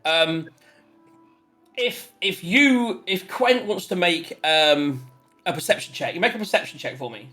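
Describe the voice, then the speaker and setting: A man's voice: sits high, a little slow, soft background music. A man narrating as game master of a tabletop role-playing game, laughing often and rambling through the scene. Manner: lively, giggly, rambling narration.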